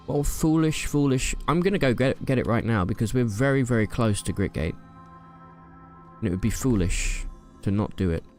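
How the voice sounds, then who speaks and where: A young man with a lowish, slightly mellow voice offers playful, casual commentary on his gameplay. As a gaming YouTuber, he jokes around and trash-talks the enemies he battles.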